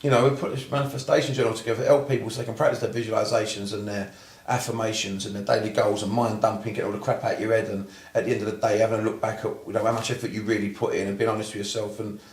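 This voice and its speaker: A man's voice: lowish voice, flat delivery, very fast, few pauses, reverberant. A man with a Cockney accent, a therapist telling his story in a casual interview, blunt and swearing freely.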